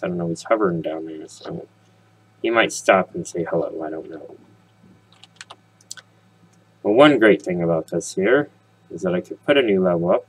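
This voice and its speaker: A man with a deep, slightly husky voice gives casual gameplay commentary. He rambles from topic to topic, tossing jokes and questions at his viewers. His talk is loose and chatty. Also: poor audio. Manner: rambling, jokey, talks straight to viewers. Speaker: let's play host.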